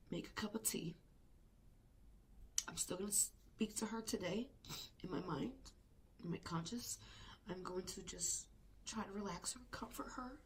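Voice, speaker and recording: A woman's voice: medium pitch, a little hiss or hum. Emotional woman, drops into whispers. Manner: intense and emotional, often dropping to a whisper. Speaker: live stream co-host. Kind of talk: emotional live reaction chat.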